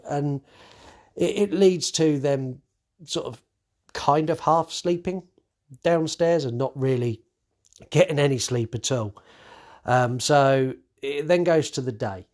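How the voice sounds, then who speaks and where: Recapping a horror movie on his podcast, this male host speaks a little slowly in a medium-pitched, darkish voice. The chat is casual, with free swearing, acted-out character lines, and plenty of fillers and restarts.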